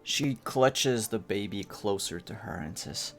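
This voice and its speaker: A man narrating a tabletop game as game master, describing scenes in a measured way with occasional fillers. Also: on the low side, animated, slight background noise.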